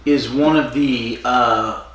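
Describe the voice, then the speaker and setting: A man's voice: medium pitch, fairly even intonation, slow, fairly bright tone. A man co-hosting a casual podcast, retelling a TV episode and acting out the characters' lines. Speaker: podcast co-host. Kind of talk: casual chat recapping an episode. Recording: very echoey room with faint noise.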